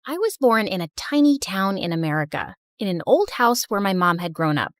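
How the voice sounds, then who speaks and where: Expressive woman narrating a story. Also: mid-range voice, brisk, dry recording, studio quality. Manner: emotional first-person storytelling.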